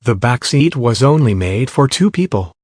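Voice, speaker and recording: A man narrating fan fiction aloud in a steady first-person storytelling voice. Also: mid-range voice, normal speed, no room sound, clean studio sound.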